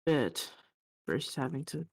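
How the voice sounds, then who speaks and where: A woman's voice: a bass voice, expressive, a little slow, no room sound, clean studio sound, exaggerated voice. A woman voicing a tired, bitter servant woman who speaks bluntly and hesitantly in a tabletop game.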